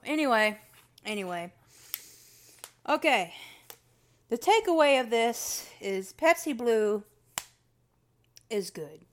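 A woman reviewing sodas in a rambling, self-correcting casual monologue, her words a little slurred. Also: medium pitch. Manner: rambling, restarts often, talks to herself; slightly slurred. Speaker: soda review vlogger.

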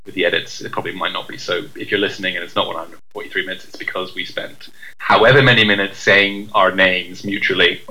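A man's voice: low-pitched, fairly even intonation, quick pace, pushed and bright, rough recording. A man hosting a casual podcast chat, teasing and wry.

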